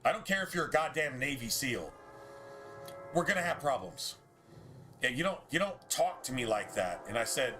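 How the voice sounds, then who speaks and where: A man's voice: medium pitch, lively intonation, moderate pace, pushed and bright, faint music behind. A man, telling a story casually on a game stream and ranting in a heated, profane way with many restarts.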